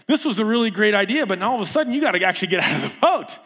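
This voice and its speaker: A man preaching a sermon in a casual, animated way, full of rhetorical questions and asides. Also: sits high, racing.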